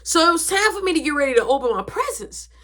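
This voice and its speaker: A woman's voice: high voice, big pitch swings, fast, sharp tone. A woman telling a story in a casual, dramatic way, swearing freely.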